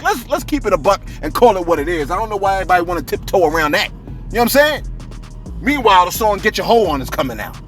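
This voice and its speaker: A man delivers casual, slangy celebrity gossip commentary in an animated way. His pitch jumps around in big, emphatic swings for effect.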